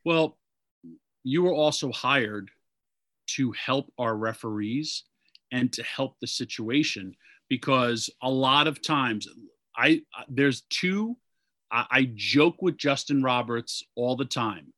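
A man's voice: medium pitch, slow, fairly bright tone, no echo. Earnest man explaining, dry sound. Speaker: podcast guest, wrestling agent. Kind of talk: casual interview chat.

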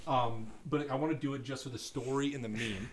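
A man's voice: medium pitch, quick pace. A young man co-hosting a podcast, telling a crude dating story in casual banter, acting out both sides of a text chat and swearing often. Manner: animated storytelling, swears a lot, acts out text exchanges. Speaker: podcast co-host.

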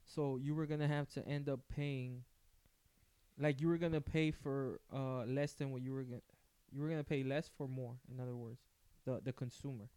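A man's voice: medium pitch, fairly even intonation, moderate pace, warm tone, clean tone, dry recording. A man, co-hosting a podcast, telling a story casually with swearing and laughter. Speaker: podcast co-host. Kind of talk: casual chat.

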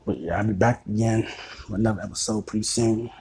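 A man's voice: fairly low pitch, fast talker, vocal fry, a little mellow, slightly rough. A man hosting his own podcast in a crude, boastful, rambling comedic monologue. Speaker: podcast host.

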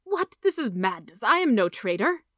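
A man's voice: very high voice, sing-song, moderate pace, fairly bright tone, dry recording, clean studio sound, voice pushed up, full character voice. A woman voicing a frightened young nobleman protesting and pleading his innocence in a storybook reading.

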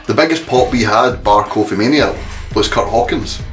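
A man co-hosting a casual talk podcast, rambling and animated with many restarts. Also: lowish voice, moderate pace, faint music behind. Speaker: podcast co-host. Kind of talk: casual chat.

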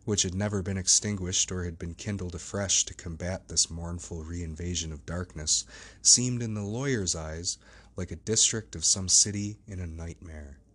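A man with a very deep, low voice reads a classic novel aloud as an audiobook. His narration is steady and measured. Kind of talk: scripted narration.

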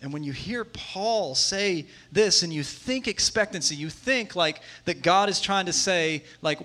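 Man, thirties, pastor giving a sermon, bright tone, slightly high voice, conversational then emphatic. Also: measured pace, hardly any pauses. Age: 30s. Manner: conversational, shifting from hushed to emphatic.

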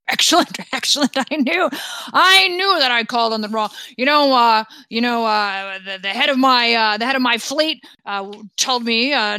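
A woman's voice: on the high side, pushed and bright, no echo. A woman voicing a huge, jolly, blustering old male king who loves snacks, gushing and chuckling as he talks in a tabletop game.

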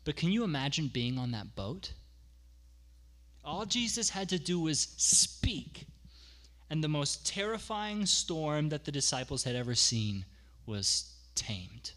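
Bright-voiced male pastor preaching. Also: medium pitch. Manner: conversational, explains with asides and repeats for emphasis. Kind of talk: sermon.

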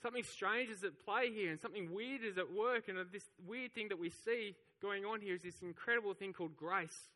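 A man's voice: sits high, a little fast, hardly any pauses, sharp tone, big-room sound. A man preaching a sermon, telling the story with animation and acting out the voices of the crowd. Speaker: pastor.

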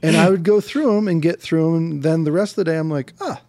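A man hosting a casual podcast interview, talking in a relaxed, reflective way. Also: fairly high pitch, fast. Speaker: podcast host.

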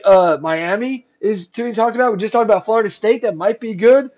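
A young man hosting a solo sports podcast, ranting sarcastically and swearing, dropping from low mutters to loud outbursts. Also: a little fast, hardly any pauses, dull audio. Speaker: podcast host.

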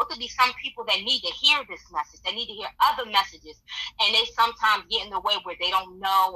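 A woman's voice: mid-range voice, bright, forceful tone, poor audio. A woman speaking as a podcast guest, giving earnest, encouraging advice and repeating affirmations. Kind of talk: motivational advice.

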